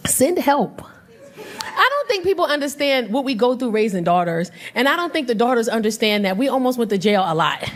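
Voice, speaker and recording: A woman comedian performing stand-up on a club stage into a handheld mic, loud and animated, laughing as she works the crowd. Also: fairly high pitch, fast, hardly any pauses, a little hiss or hum.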